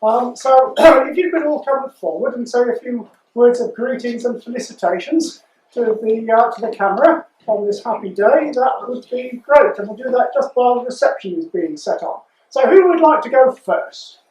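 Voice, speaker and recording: A man's voice: very high voice, animated, normal speed, darkish tone, roomy sound, distant mic, rough recording. An amateur actor playing a fussy wedding videographer who hesitates and stumbles over his words. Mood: hesitant. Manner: hesitant, full of ums. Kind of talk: amateur stage acting.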